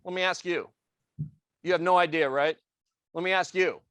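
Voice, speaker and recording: An intense, passionate man runs a training session, quizzing his class and slipping into quick voices for customers he quotes. His voice sits high and sounds bright and cutting, with a close, dry sound. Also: steady tone, smooth, no room sound. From Italian family background. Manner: intense, passionate, asks the room questions. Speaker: real estate trainer.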